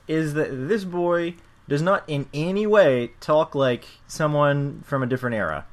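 A man's voice: on the high side, unhurried. A man co-hosting a podcast, making wry, profane asides while reviewing a TV episode. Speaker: podcast co-host. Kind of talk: casual comedic review chat.

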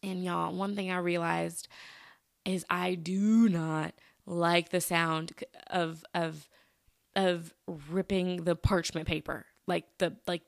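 A woman's voice: lowish voice, flat delivery, slow, gravelly, no echo, studio quality. A young woman hosting a casual solo podcast, chatty and often laughing. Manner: chatty, laughs often, addresses listeners as y'all. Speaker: podcast host.

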